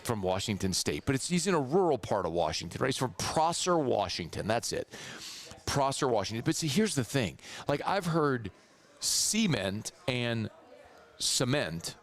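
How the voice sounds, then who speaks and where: A hoarse man with a Southern accent hosting a sports radio show, chatty and rambling. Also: medium pitch, big pitch swings, normal speed. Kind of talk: casual sports radio talk. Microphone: studio microphone.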